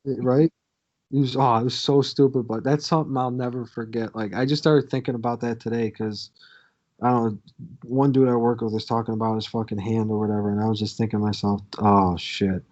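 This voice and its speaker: A man's voice: mid-range voice, steady tone, brisk, darkish tone, lo-fi sound. A man co-hosting a podcast, telling a crude, swear-filled story from his youth in a casual way. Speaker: podcast co-host.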